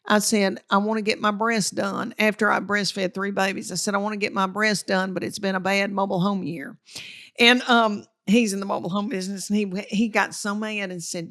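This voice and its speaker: Middle-aged Southern comedienne, folksy storyteller, bit of vocal fry, mid-pitched. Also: female voice. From Tennessee. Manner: folksy, animated, acts out family quotes. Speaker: comedian guest. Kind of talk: storytelling interview chat.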